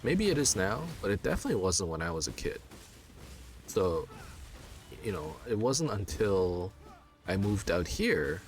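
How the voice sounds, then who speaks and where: A man in his thirties from China, chatting casually and telling a rambling story with lots of fillers and restarts. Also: low voice. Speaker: let's play gamer. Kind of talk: casual chat.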